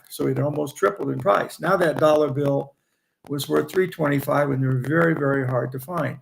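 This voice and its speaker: A man's voice: a little high, vocal fry, slight background noise, low-quality recording. A man in his eighties from Indiana, a veteran trader telling long, rambling stories and chuckling as he remembers. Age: 80s. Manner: chuckling, restarts phrases while reminiscing. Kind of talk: rambling anecdotal storytelling.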